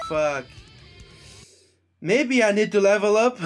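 High-voiced, frustrated man playing a game. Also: animated, takes it slowly, pauses often. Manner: frustrated, swears often, loud outbursts. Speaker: gaming video creator. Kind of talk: let's play commentary. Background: game music.

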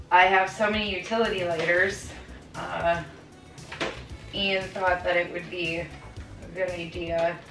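Cleaning her kitchen at home while filming, a woman rambles and chats to herself, laughing at what she says. She speaks slowly with a lowish, flat delivery and long pauses, recorded from a distance in an echoey room with background music.

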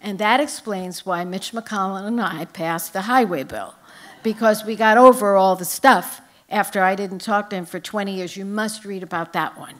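On stage at a book festival, an older woman author tells funny anecdotes to a live audience. She speaks at a medium pitch and a moderate pace.

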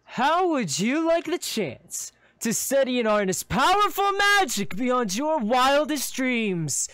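A man's voice: very high-pitched, sing-song, slow, sharp tone, no echo, voice pushed up, exaggerated voice. A man voicing a grand, persuasive cloaked male mage in a live roleplay. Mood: coaxing. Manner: theatrical, coaxing.

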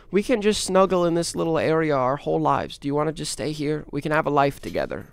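A man's voice: a little high, expressive, quick pace, gravelly, few pauses, clear, resonant tone, dry recording, clean studio sound. A young man livestreaming a game, chatting casually, reading chat aloud and playing up dramatic moments for fun. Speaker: streamer and animator.

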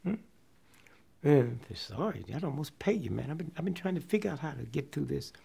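An older man, a comedian, telling a story from his career in an interview, acting out the people in it and dropping to hushed near-whispers. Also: a little high, a little fast, vocal fry, husky. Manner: animated storyteller, acts out quotes, drops to hushed near-whispers.

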